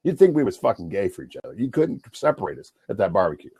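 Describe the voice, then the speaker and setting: A man from Washington State in a rambling, profane livestream rant, swinging between mumbling and yelling. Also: on the low side, sing-song, quick pace, slightly rough, no echo.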